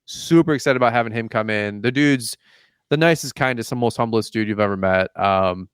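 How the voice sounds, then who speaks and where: A man's voice: fairly low pitch, a little fast, clear, resonant tone, dry recording, clean studio sound. A man hosting a casual podcast, telling stories with lots of laughter and acting out both sides of conversations. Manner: joking storyteller, acts out quoted exchanges; laughs often. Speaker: podcast host.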